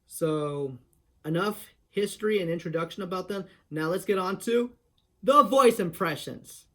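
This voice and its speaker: A man with a slightly raised pitch talks through a voice impression tutorial. He explains each step casually and often restarts his sentences. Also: normal speed.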